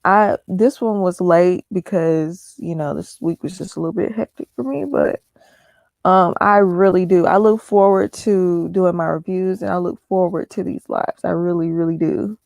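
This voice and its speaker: A woman's voice: lowish voice, moderate pace, creaky, a little mellow, no room sound. A woman hosting a casual live stream, congested from allergies, chatting and greeting viewers by name one after another.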